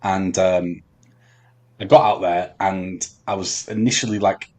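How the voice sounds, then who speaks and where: A man telling a long story on a podcast, halting with many ums and restarts. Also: low voice, fairly even intonation, darkish tone, slightly rough. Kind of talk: casual storytelling chat.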